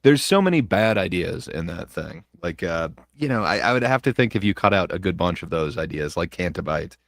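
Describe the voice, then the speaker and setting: A man with a very low voice talks casually on his podcast, easygoing, often trailing off into fillers and soft chuckles. The sound is dry and close, with no room around it. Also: lively intonation, a little fast, no room sound. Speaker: podcast host. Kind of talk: casual chat.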